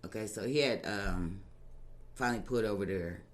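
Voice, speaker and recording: Animated woman guest telling a story. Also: rumbling low, normal speed. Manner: animated, laughing often, plain-spoken slang. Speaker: podcast guest. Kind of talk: casual storytelling.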